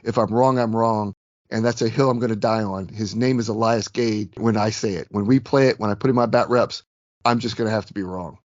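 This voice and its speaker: A man co-hosting a casual podcast about a tabletop game, chatty and self-deprecating, rambling a bit, slightly hoarse. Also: on the low side, steady tone, a little fast, a little mellow, no echo, highs cut off. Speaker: podcast co-host.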